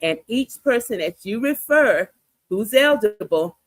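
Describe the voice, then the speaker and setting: A woman's voice: on the high side, expressive, dry recording. A woman guest explaining a research study in an earnest, explanatory way. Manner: earnest, explanatory, slows down for numbers.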